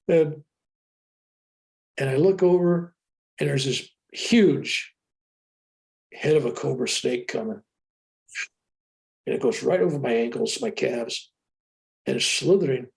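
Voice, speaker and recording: An older man tells a story in an interview with animated excitement, his voice a little high. There is a gravelly edge to it as he talks from a room over a video call. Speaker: interview guest. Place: room with a sheetrock wall.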